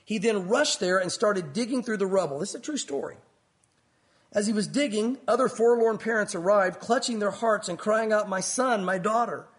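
A man preaching as a pastor, telling a story dramatically, then pleading softly with the congregation. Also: high-pitched, normal speed. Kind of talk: sermon. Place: church.

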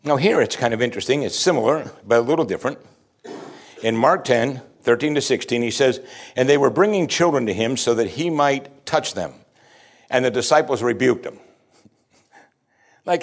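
This pastor preaches with lively intonation, a medium-pitched male voice and normal speed. He reads a scripture passage, then unpacks it in a conversational way, his voice frequently rising with emphasis on the key points.

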